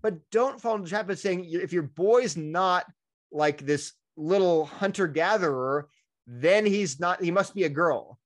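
A middle-aged man speaking as an interview guest, explaining his views in a lively, conversational way and briefly acting out the voices of people he quotes. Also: high voice, unhurried. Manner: animated, acts out quoted voices.

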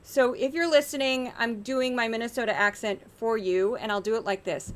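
A woman's voice: on the high side, moderate pace, hardly any pauses. A woman hosting a podcast, giving sarcastic, exasperated political media commentary. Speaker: podcast host.

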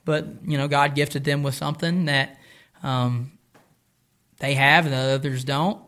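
A man talking casually on a podcast about coaching and training, relaxed and rambling with a self-deprecating manner. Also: medium pitch, measured pace. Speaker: podcast guest, jiu-jitsu coach. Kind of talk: casual chat.

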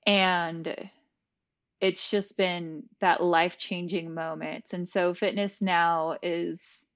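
Slow-talking woman sharing her story. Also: on the low side, level tone. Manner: candid, frequent "like", acts out her own past thoughts. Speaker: guest, yoga teacher. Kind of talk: conversational storytelling.

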